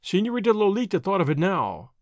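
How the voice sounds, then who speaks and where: A man narrating a classic novel in a measured storytelling manner. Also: high-pitched, big pitch swings, no echo, studio quality. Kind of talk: audiobook narration.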